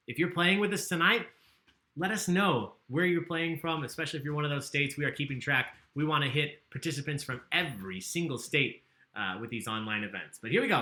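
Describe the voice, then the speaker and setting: A man's voice: on the high side, lively intonation, normal speed, pushed and bright, echoey room. A man hosting a livestreamed trivia game, chatty and joking as he reads out the questions. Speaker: trivia host.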